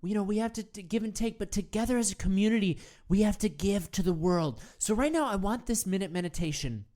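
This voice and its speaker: A woman hosts a comedy meditation show in an improvised monologue, playing a rambling, earnest male self-help guru whose lines are full of stammered restarts. Her mid-range voice runs a little fast, with a warm tone close to how she'd normally talk.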